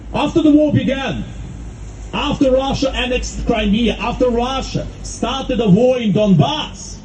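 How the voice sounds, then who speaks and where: A man delivering an impassioned public speech with fervent, rhetorical emphasis and dramatic pauses. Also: very high voice, a little mellow, a little hiss or hum, rough recording. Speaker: speaker at a rally.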